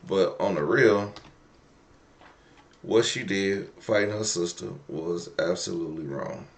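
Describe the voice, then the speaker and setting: A man's voice: deep voice, unhurried, distant mic. A man hosting the show, giving a laid-back, hesitant reaction in casual commentary. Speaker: host reacting to a clip.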